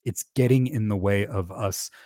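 Candid, low-voiced man hosting a podcast. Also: moderate pace, dark tone, dry recording, studio quality. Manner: candid, self-deprecating, chuckles often; conversational, with many fillers and restarts. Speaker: podcast host. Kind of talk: casual podcast monologue on faith.

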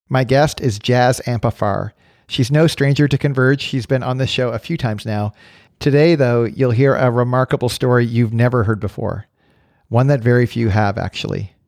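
A man hosting a podcast, reading a measured scripted introduction and then talking casually with his guest. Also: mid-range voice, darkish tone, no echo, clean studio sound. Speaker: podcast host.

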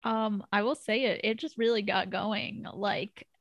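A woman with a middle-pitched voice gives opinionated, casual analysis on a podcast. She talks in quick bursts, and her voice sounds close and dry, with no room sound. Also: steady tone, fairly bright tone, no room sound, lo-fi sound. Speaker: podcast co-host. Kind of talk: casual chat analyzing a TV pilot.

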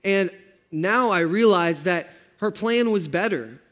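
A man preaching as a pastor, telling a story in a relaxed, joking way with slang, often laughing as he talks. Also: high-pitched, slow pace, long reverb tail. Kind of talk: sermon.

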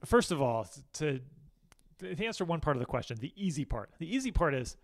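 A man's voice: on the high side, big pitch swings, brisk, no room sound. Candid, rambling American man. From United States. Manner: candid, rambling, self-deprecating. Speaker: interview guest. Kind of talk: casual interview talk.

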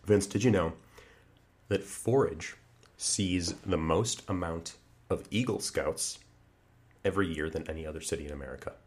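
Man, extremely low voice, comedy podcast co-host, earnest, hesitant, filler-heavy. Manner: earnest, halting, many fillers and restarts. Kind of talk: improvised comedy podcast chat.

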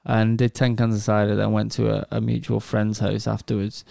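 A man's voice: on the low side, flat delivery, normal speed, creaky, dark tone, dry recording, studio quality. A young man chatting casually in a laid-back way. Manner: laid-back, laughs often, frequent agreeing. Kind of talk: casual chat.

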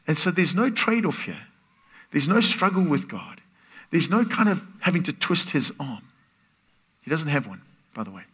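A man preaching a sermon as a guest speaker, earnest and building from soft, quiet phrases to excited exclamations. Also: a little high, normal speed, long pauses, husky.

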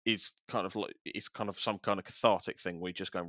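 A middle-aged man with a somewhat low voice chats casually on a podcast. He rambles through long thoughts, stumbles over stammered restarts and keeps a wry edge. The sound is close and dry. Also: fairly even intonation, quick pace, fairly bright tone, no echo. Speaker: podcast host, music journalist. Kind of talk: casual chat.

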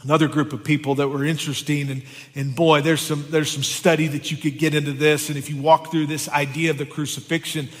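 Man, pastor, sermon, emphatic scripture reading, fairly high voice, long hall reverb. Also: flat delivery, fairly quick. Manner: preaching, reading scripture aloud with emphatic rises. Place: church sanctuary.

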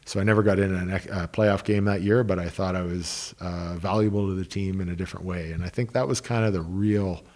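A man in middle age talks in a notably deep, low register. He answers interview questions casually and rambles a little, often saying "you know" and starting his sentences over. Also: fairly even intonation, fairly quick, few pauses, a little mellow. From Canada, Ottawa. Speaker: former pro hockey player and coach, guest.

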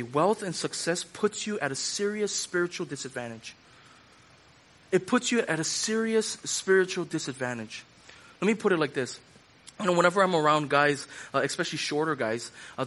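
A man's voice: a little high, expressive, brisk, fairly bright tone. A man preaching a sermon in a loose conversational way, repeating phrases for emphasis and using casual fillers. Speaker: pastor.

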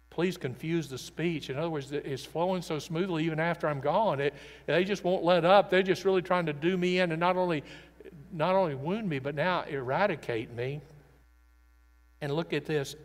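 A male pastor preaches with earnest emphasis, his somewhat high voice rising to loud declarations and dropping to near-confiding quiet. The sound trails off in the long reverb of a large hall. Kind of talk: sermon.

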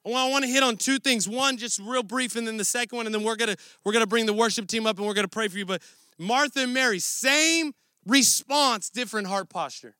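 A man's voice: very high voice, brisk, bright, forceful tone, no echo, clean studio sound. A man preaching a sermon in a conversational, earnest way, often restarting his phrases. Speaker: pastor.

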